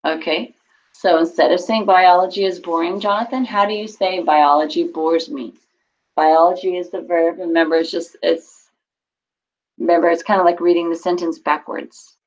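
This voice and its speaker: A woman's voice: lowish voice, fairly even intonation, moderate pace, a little mellow. A woman teaching Spanish to a class over a video call, explaining patiently and encouraging students. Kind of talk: online class instruction. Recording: dull lo-fi call audio.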